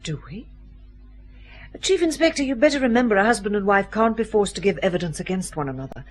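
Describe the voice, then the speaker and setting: A woman's voice: medium pitch, animated, fast, faint music behind, close to an everyday voice. Woman playing a cold, defiant woman suspect. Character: scheming defiant woman suspect under questioning. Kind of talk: radio drama acting.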